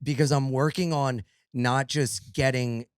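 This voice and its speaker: A man's voice: medium pitch, measured pace, clear, resonant tone, no echo, studio quality. A young adult man hosting a podcast, telling a comedic story in casual chat and acting out the other people in it. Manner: animated, acts out quoted voices. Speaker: podcast host.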